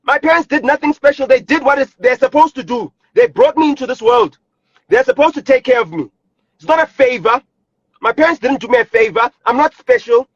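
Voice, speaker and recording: A South African man's voice, pitched very high and tight, fires off an angry, repetitive, profanity-laced rant into a phone on a live stream. The sound is dry and close with no room around it, but dull and lo-fi like a phone stream. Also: sing-song, brisk, vocal fry, no echo.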